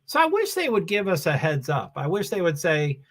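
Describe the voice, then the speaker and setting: High-voiced man rambling on a live stream. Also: wildly swooping pitch, normal speed. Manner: rambling, self-interrupting, chatty with viewers. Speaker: livestream host. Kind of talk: casual live commentary on a race stream.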